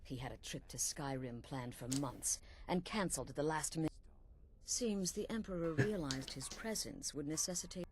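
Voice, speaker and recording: A woman voicing a scheming female assassin who lays out a murder plot in a calm, conspiratorial way. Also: sits low, moderate pace, slight background noise, natural voice. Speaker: game character.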